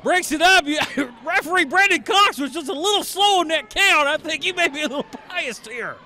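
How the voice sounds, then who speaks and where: Excitable male ringside announcer, very high pitch, frequent shouts and exclamations. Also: a little fast, slight background noise. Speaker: play-by-play wrestling commentator. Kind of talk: excited live play-by-play commentary.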